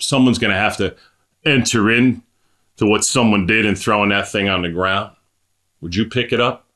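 A middle-aged preacher with a bright, cutting tone gives an impassioned sermon, reading scripture slowly. His delivery climbs to emphatic, high-pitched peaks.

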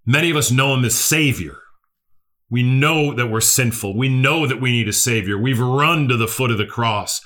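A man's voice: mid-range voice, normal speed, a bit bright. A male preacher, delivering an earnest sermon that repeats key phrases and asks the listeners questions.

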